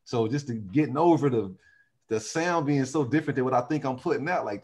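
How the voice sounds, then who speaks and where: A man who sings in a vocal group, telling animated stories in a casual interview and often laughing. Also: medium pitch, a little fast, husky. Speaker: singer in a vocal group, guest.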